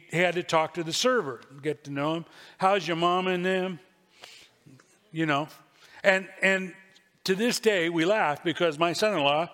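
A man's voice: high voice, sharp tone. A man preaching a sermon as pastor, telling folksy stories with asides. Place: church sanctuary. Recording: long reverb of a church hall.

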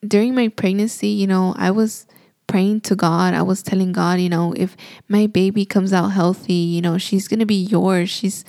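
A woman's voice: mid-range voice, fairly even intonation, moderate pace, vocal fry, warm tone, no echo, studio quality. A young woman and new mother telling a personal story in a casual, emotional way, full of "like" and "you know".

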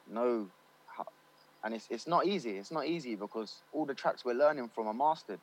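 Chatty studio engineer, slangy. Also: male voice, mid-range voice, animated, moderate pace, low-quality recording. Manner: loose and chatty, slangy, many fillers like "you know what I mean". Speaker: studio owner and recording engineer. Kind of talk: casual interview chat.

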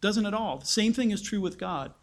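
A man's voice: high voice, animated, a little fast. A man preaching a conversational Bible-teaching sermon, asking his listeners rhetorical questions.

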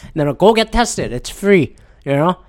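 A man's voice: on the high side, animated, normal speed. A man hosting a solo podcast, ranting in an exasperated, profane way, a bit teary and gulping after a swab test. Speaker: podcast host.

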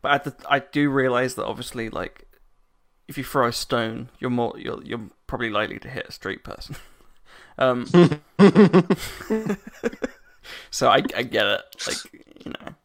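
A man co-hosting a podcast, chatting casually and rambling through his thoughts with frequent restarts. His voice has a gravelly edge and a bright tone. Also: medium pitch, steady tone, moderate pace. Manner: rambling, self-interrupting, laughs often. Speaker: podcast co-host.

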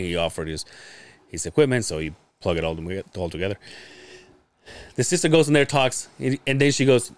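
A man's voice: fairly low pitch, brisk. A man co-hosting a podcast, telling a story in casual chat, acting out the people in it and laughing and swearing along the way. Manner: animated storyteller, acts out quoted people, lots of swearing and laughing. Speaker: podcast co-host.

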